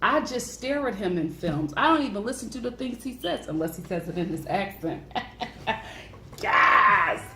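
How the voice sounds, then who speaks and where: A woman's voice: mid-range voice, animated, fairly quick, hardly any pauses. A woman reviewing a film in casual chat, effusive and dramatic with playfully devout asides. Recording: echoey room, faint noise.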